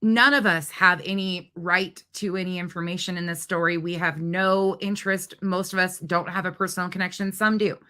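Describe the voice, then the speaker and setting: A woman's voice: lowish voice, fairly even intonation, normal speed, hardly any pauses, sharp tone. A woman hosting a reaction commentary, ranting bluntly and indignantly with profanity and sarcastic mockery. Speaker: commentary channel host.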